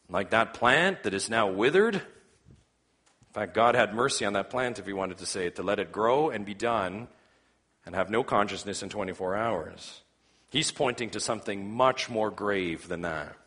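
A man preaching a sermon, moving between loud emphatic calls and quiet low asides. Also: normal speed. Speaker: pastor.

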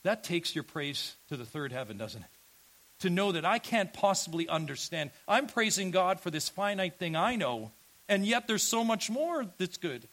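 Male pastor mid-sermon; higher-pitched, earnest, emphatic, rhetorical questions throughout. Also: very animated, moderate pace, a bit bright, rough recording.

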